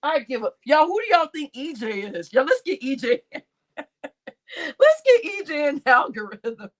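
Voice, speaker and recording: Animated woman livestreamer, slightly high voice. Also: a little slow. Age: adult, grown-up. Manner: animated, laughing, swearing, addresses chat as y'all. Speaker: livestream host. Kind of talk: casual livestream chat, reading comments.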